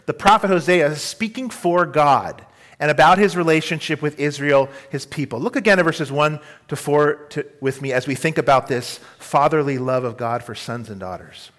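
A middle-aged male pastor preaching in a church, his voice sitting a little high for a man. He speaks earnestly and tenderly, and keeps turning to the congregation with questions. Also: moderate pace, fairly bright tone. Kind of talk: sermon.

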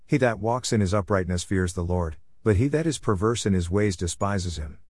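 A man with a lowish voice reads scripture in a steady, unhurried way. He gives the archaic verses an even, measured delivery. The recording is dry and close, with no room sound. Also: no echo. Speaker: scripture reader.

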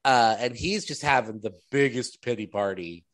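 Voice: medium pitch, moderate pace, dry recording. A podcast co-host casually recapping a TV episode, telling the plot sarcastically and acting out the characters' lines as quotes.

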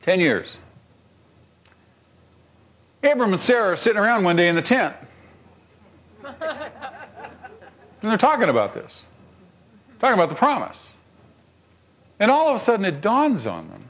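A man preaching a sermon, telling stories and asking rhetorical questions of his congregation, swinging between high emphatic lines and low quiet asides. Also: very animated, a little slow, pauses often, highs cut off. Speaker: pastor.

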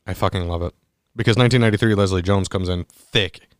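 Man for a loose podcast chat, animated and profane, smooth tone, dry recording. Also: low voice, fast, no echo. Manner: animated, swears freely, restarts often. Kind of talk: casual profane movie chat.

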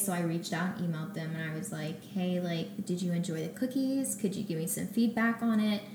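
A young woman with a fairly low voice tells her story in a relaxed interview, slipping into lively quoted dialogue. The room is echoey, with a faint hum of ambience behind her. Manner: animated, acts out her own quotes. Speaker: guest, baker and business owner.

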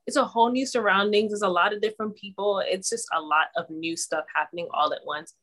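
A young adult woman co-hosting a podcast, telling relaxed, chatty stories among friends. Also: mid-range voice, fast, few pauses. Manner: chatty, laid-back storytelling. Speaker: podcast co-host. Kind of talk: casual chat.

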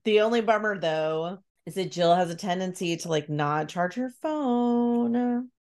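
Woman, slow unhurried delivery, casual podcast chat, animated storytelling, acts out character lines. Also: fairly low pitch, loud music behind the voice. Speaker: podcast co-host recapping a book.

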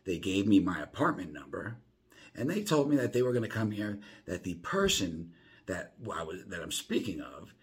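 A lively, rambling man, swearing through a casual monologue from his home. His voice is low and very husky, and his pitch swings widely from line to line. He restarts his sentences constantly. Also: normal speed. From South Florida. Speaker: podcast host.

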